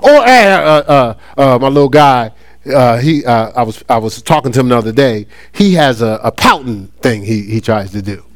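A middle-aged man preaching a sermon, lively and conversational, often acting out playful voices. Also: medium pitch, normal speed, no echo. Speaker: pastor.

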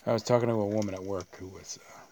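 A man's voice: lowish voice, fast talker. Laid-back man chatting over beers, noisy mic. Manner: rambling, relaxed, swears casually. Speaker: beer podcast co-host. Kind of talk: casual chat over beer tasting. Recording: noisy home recording.

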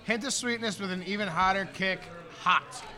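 A man's voice: sits high, normal speed, pushed and bright. A man co-hosting a casual podcast, talking loosely with swearing while reading out a hot sauce label. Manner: loose, profane, reads labels aloud. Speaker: podcast co-host.

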